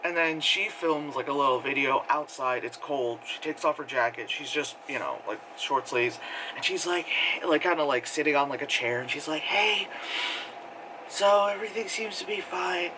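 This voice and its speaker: A man's voice: medium pitch, normal speed, background noise. A man casually reviewing a film, rambling with lots of fillers and laughing as he goes. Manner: rambling, filler-heavy, laughs often, mimics characters. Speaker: movie reviewer.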